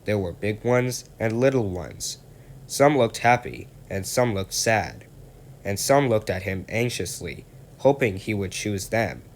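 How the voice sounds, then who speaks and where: A man narrates a children's story aloud in a calm, steady reading voice. His pitch sits on the low side. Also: a little slow, slight background noise.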